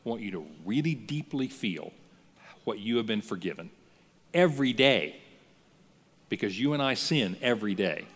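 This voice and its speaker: A man preaching a sermon as a pastor, in a conversational, lively style that acts out the voices he quotes. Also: fairly low pitch, moderate pace, pauses often, slightly rough, in a large hall. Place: church.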